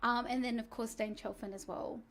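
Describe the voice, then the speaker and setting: A singing teacher with a slightly high female voice talks at a normal speed while she walks students through a casual warm-up. Her tone is friendly and encouraging, sprinkled with self-mocking remarks.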